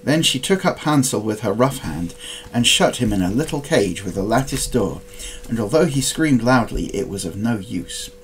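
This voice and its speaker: Guy reading a fairy tale out loud, really lively pitch, faint hum behind. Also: moderate pace, low-quality recording. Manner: expressive, dramatic. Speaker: storybook reader. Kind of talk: storybook reading.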